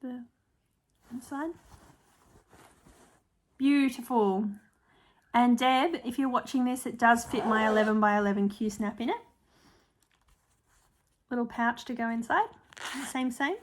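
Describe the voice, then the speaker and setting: A woman's voice: fairly high pitch, a little slow, pauses often. Chatty Australian woman stitching vlogger. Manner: chatty and warm, with frequent ums and apologies. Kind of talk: casual show-and-tell chat.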